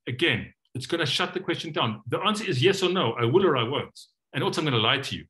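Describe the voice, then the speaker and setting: Animated, bright-voiced man teaching coaching. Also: medium pitch, fast. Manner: animated, acts out questions in different voices. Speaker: coaching trainer. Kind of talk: online training session. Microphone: video call.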